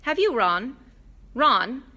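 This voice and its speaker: A woman reading a steady, curious schoolboy. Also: fairly high pitch, takes it slowly, pitched above the performer's own voice, exaggerated voice. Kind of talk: audiobook reading.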